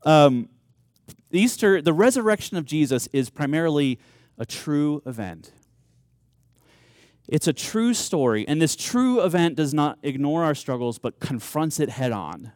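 A man's voice: a little high, big pitch swings, a little slow, darkish tone, dry recording. A man in his thirties preaching a sermon as pastor, earnest and conversational, often restarting and repeating words.

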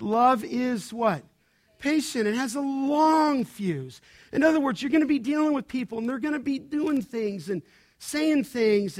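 A middle-aged man delivers a sermon from the pulpit in a high-pitched voice. He talks with animation, dropping to quiet asides and then rising to loud, emphatic bursts. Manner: animated, swings from soft to loud. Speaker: pastor.

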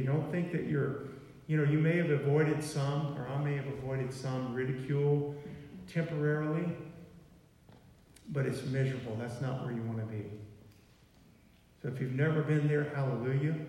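Male preacher, mellow tone, folksy sermon delivery, distant mic in a roomy church. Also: mid-range voice, steady tone, normal speed. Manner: conversational, folksy with fillers like "okay" and "y'all". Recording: far from mic in an echoey hall.

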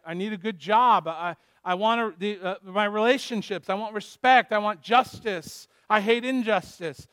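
A man's voice: high-pitched, fairly bright tone, no room sound. A man preaching a sermon as a pastor, earnestly asking the congregation pointed questions.

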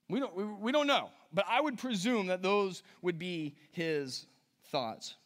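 A man's voice: high voice, big pitch swings, moderate pace, a bit bright. A man preaching a chatty, conversational sermon, reading scripture aloud and adding casual asides with a few chuckles. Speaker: pastor.

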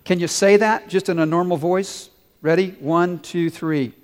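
A man's voice: high voice, fairly even intonation, a little slow. A man preaching a sermon as pastor, earnest and leading his congregation in call-and-response. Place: large church sanctuary. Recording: long hall reverb.

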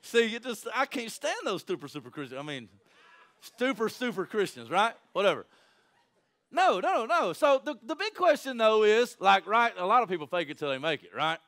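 A man's voice: high-pitched, moderate pace. A man preaching a sermon to his congregation in a conversational way, often tossing in "right?" to the crowd. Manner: animated, conversational preaching with frequent "right?" asides. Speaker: pastor.

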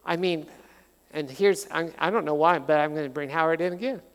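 Middle-aged man, pastor preaching a sermon; chatty, storytelling, a bit of humor; slightly high voice, long hall reverb. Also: brisk. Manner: conversational, animated storytelling with humor.

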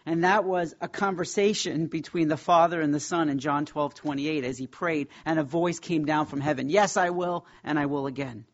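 A man teaching a Bible class, speaking in an emphatic, reverent way and slowing down to stress key words. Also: fairly high pitch, steady tone, highs cut off.

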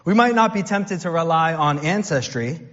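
A man's voice: a little high, lively intonation, normal speed, fairly bright tone. A man, preaching a conversational sermon and quoting scripture. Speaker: pastor. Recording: dull sound with long hall reverb.

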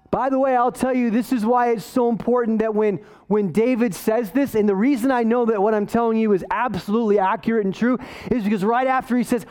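This is a male pastor delivering a sermon with a notably high-pitched voice. He tells stories in a relaxed, self-deprecating way and then presses his point with real emphasis. He sounds middle-aged. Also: a little fast. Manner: storytelling, self-deprecating and conversational, rising to emphatic preaching.

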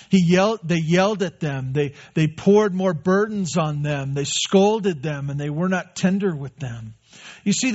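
Pastor guy preaching, earnest and chatty, repeats himself for emphasis, slightly higher voice, muffled lo-fi sound. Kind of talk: sermon. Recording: dull lo-fi recording.

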